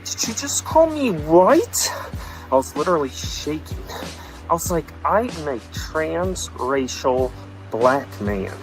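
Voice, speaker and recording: A man's voice: a little high, big pitch swings, slow, heavily acted, rough recording. A man playing a self-righteous, whiny vlogger in a satirical sketch, sounding mock-aggrieved and indignant, with faint music underneath.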